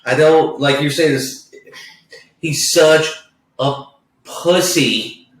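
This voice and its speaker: Guy ranting about a movie, swears a lot, keeps restarting, kinda high voice, far off the mic. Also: extremely slow. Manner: rambling, profane, many restarts. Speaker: podcast co-host. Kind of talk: casual movie discussion. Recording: echoey room, distant mic.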